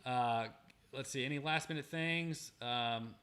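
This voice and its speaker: A man's voice: mid-range voice, measured pace, fairly bright tone. A young man hosting a casual livestream, gratefully reading viewer messages aloud with frequent restarts. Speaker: livestream host.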